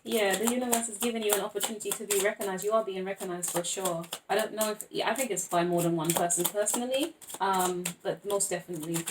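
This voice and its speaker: A woman's voice: mid-range voice, steady tone, quick pace, hardly any pauses, background noise. Chatty woman doing a tarot reading, laughs a lot, calls everyone babes, rambly and playful. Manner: chatty and playful, laughing often, calling viewers babes and darling; rambling with frequent restarts. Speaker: tarot reader. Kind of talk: casual tarot reading monologue.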